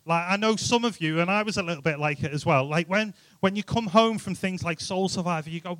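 Man, youth sermon, chatty and jokey, higher voice, dry recording. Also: expressive, moderate pace, a bit bright, no room sound. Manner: chatty, jokey, rhetorical questions. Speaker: youth speaker.

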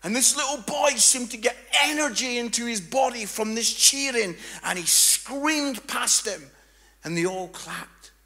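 A man preaching a sermon, telling a story and swinging from hushed tones to loud, fervent passages. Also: extremely high pitch, expressive, a little slow.

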